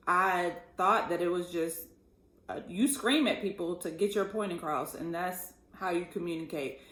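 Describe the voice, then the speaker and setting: Woman co-host, lower voice, earnest and easy laughter, boomy roomy sound. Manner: earnest, laughs easily, talks straight to listeners. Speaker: podcast co-host. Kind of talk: casual chat about relationships. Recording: echoey room.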